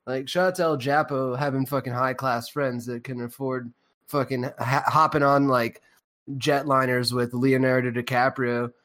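A man's voice: mid-range voice, fairly even intonation, normal speed, fairly bright tone. A man co-hosting a podcast in casual, profane chat, rambling with many fillers and a sarcastic edge. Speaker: podcast co-host.

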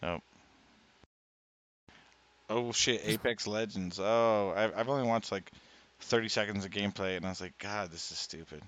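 A man's voice: on the low side, fairly even intonation, normal speed, pauses often, a bit bright. A man co-hosting a live stream, chatting casually in a rambling, profane, jokey way. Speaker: streamer, co-host. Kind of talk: casual chat.

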